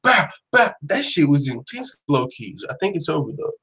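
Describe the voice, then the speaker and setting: A man's voice: fairly high pitch, big pitch swings, fairly quick, very noisy. A man hosting a casual fight-news live stream, talking slangy and profane as he reacts to viewer comments. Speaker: MMA news show host.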